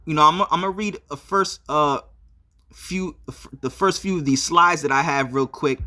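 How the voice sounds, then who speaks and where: Bright-voiced man, "all right" after every phrase. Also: on the high side, moderate pace. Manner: repeats "all right" often, with many fillers. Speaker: video commentator. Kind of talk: religious commentary on a video.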